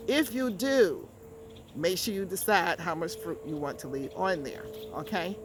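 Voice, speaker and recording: A woman's voice: lowish voice, a little slow, noisy background. Chatty woman gardening outdoors. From Georgia, USA. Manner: chatty, repeats words for emphasis, talks straight to viewers. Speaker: gardening channel host. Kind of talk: casual how-to vlog.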